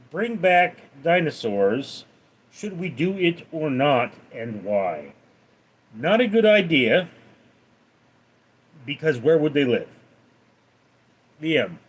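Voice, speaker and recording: A man hosting a livestream, reading viewers' names and questions in a raised voice, then answering them flatly. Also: slightly rough. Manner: reads donor names and questions aloud in a lively raised voice, then answers flat and low. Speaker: livestream host reading chat. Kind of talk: casual livestream Q&A.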